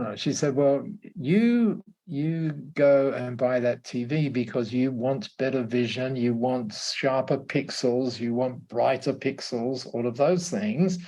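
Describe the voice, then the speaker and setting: Gravelly man telling stories. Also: mid-range voice, darkish tone. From Australia. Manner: halting, repeats words, laughs often. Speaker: guest. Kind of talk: casual conversational storytelling.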